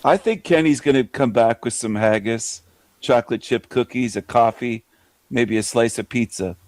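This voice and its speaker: A man's voice: medium pitch, normal speed, darkish tone, no echo. Panelist: playful male voice, teasing jokes, dry close mic. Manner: joking, teasing. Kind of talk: casual chat.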